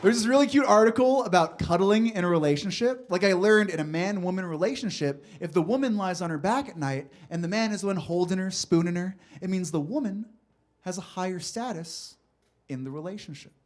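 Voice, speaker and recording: A man's voice: sits high, lively intonation, brisk. A man performing a stand-up comedy set on a club stage, chatty and loose, often laughing and talking to the crowd. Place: comedy club stage before a live audience.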